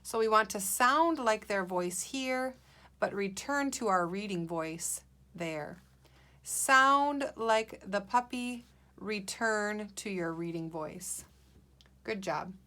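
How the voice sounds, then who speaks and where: A woman teacher giving a guided reading lesson to young children, slow, clear and encouraging. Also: mid-range voice, fairly bright tone.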